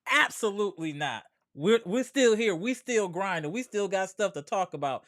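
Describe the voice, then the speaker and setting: High, smooth-voiced man hosting a sports livestream. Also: lively intonation, normal speed, a bit bright, no room sound, clean studio sound. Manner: slangy, trash-talking, greets chat viewers by name. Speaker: sports channel host. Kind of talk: casual livestream chat.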